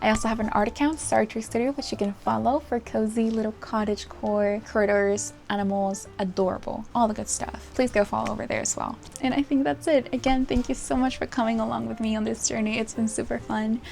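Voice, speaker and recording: A young woman chatting about a book she loved, animated and gushing, with frequent laughs and the odd swear. Her voice sits a little high and has a gravelly, fry-tinged edge. Soft music plays faintly underneath. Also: a little fast, hardly any pauses. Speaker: book vlogger. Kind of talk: casual chat.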